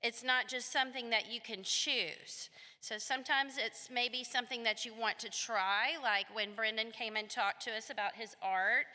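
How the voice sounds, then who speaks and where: Woman teacher, slightly high and bright, storytelling in an echoing hall. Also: moderate pace. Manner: animated, asks the children questions. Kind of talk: storytelling to schoolchildren. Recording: long reverb of a hall.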